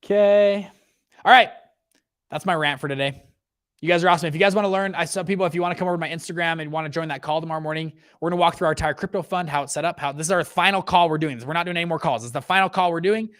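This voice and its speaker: A man in his thirties, the host, giving a casual rant about economics, lively and full of restarts and acted quotes. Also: fairly high pitch, fast talker. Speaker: host, fund manager.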